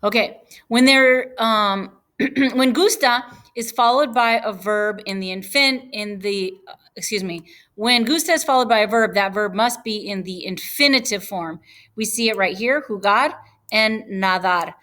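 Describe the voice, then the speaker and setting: Female teacher, unhurried, patient and explanatory, recorded on a computer mic for a lesson. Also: medium pitch, pushed and bright. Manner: patient, explanatory, with fillers and self-corrections. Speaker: Spanish teacher. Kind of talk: screen-share grammar lesson.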